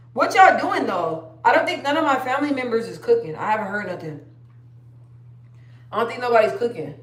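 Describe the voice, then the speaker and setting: A woman's voice: a little high, expressive, fairly quick, long pauses. A young woman chatting casually on a phone live stream, rambling and trailing off. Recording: roomy echo.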